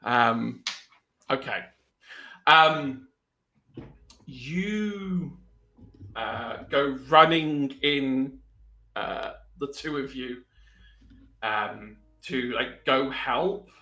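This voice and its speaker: A man narrating a tabletop role-playing game as game master, hesitant and full of pauses. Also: medium pitch, expressive, pushed and bright, reverberant, poor audio. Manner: hesitant, many ums, puts on quick voices for characters.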